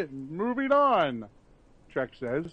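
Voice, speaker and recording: A man's voice: high-pitched, very noisy. A man co-hosting a casual gaming podcast, teasing and telling jokey stories. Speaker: podcast co-host.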